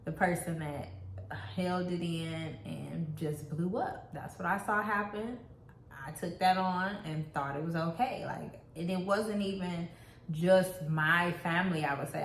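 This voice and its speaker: A woman's voice: on the low side, roomy sound, slight background noise. A woman co-hosting a casual relationship talk, telling her own story in a candid, reflective way. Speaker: co-host.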